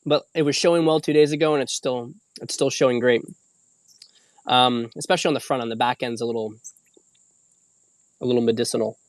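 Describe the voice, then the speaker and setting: Male host, casual meandering delivery, middle pitch, dead dry room. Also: fairly even intonation, brisk, pauses often, no room sound. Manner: rambling, casual, swears freely. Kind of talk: casual livestream talk.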